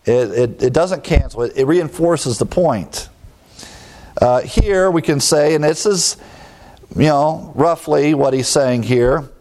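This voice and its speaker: A man preaching an expository sermon, explaining word meanings with emphatic rises in pitch and brief chuckling asides. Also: slow pace, darkish tone. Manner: emphatic teaching, leaping up in pitch on key words, chuckling asides.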